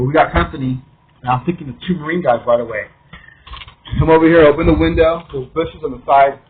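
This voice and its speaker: A man's voice: medium pitch, slightly rough. A man casually telling a rambling, emphatic first-person story from his studio apartment. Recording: tinny phone-like sound.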